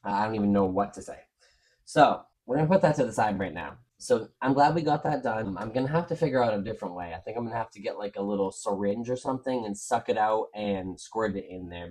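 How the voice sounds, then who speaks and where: A man's voice: mid-range voice, a little mellow. Chatty man narrating a craft build. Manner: chatty, frank, talks to viewers while working. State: out of breath. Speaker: crafting video host. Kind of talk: casual step-by-step craft demo.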